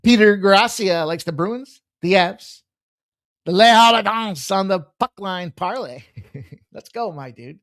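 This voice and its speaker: A man hosting a live sports betting stream, brash, excitable and profane as he rattles off picks and jokes. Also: sits high, measured pace, no echo, studio quality. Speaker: sports betting show host. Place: room with a hockey banner on the wall.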